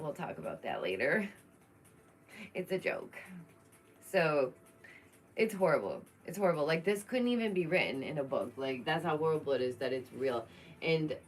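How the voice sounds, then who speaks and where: Young woman, casual commentary vlogger; outspoken, chatty, slightly low pitch. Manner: chatty, outspoken, laughs often. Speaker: true crime commentary vlogger.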